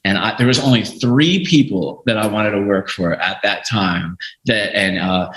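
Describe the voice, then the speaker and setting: A man and podcast guest telling a story in a casual, animated way, swearing freely and acting out what others said. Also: lowish voice, moderate pace. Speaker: podcast guest, music lawyer. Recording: echoey room.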